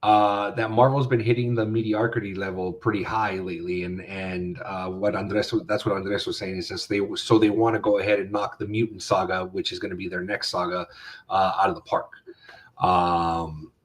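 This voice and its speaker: A man's voice: low-pitched, little pitch movement, normal speed. A man hosting a casual podcast chat, rambling with fillers and restarts. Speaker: podcast host.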